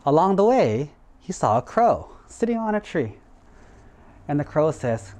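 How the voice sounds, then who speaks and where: Man telling kids a lively sermon story. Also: on the high side, unhurried. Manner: animated, playful storytelling. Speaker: monk.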